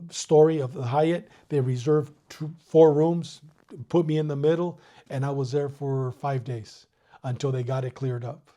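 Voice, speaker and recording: A retired male police detective telling a story as an interview guest, animated and acting out both sides of his phone calls. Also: mid-range voice. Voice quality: bald.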